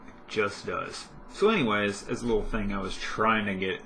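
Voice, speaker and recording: Young guy vlogging at home, kinda low but bright voice, lots of ums and restarts. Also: normal speed, faint music behind. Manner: rambling, self-correcting, with frequent fillers. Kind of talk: casual chat.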